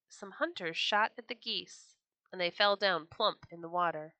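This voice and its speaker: Bright-voiced woman reading a children's story. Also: on the low side, moderate pace, no room sound. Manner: expressive, gentle storytelling.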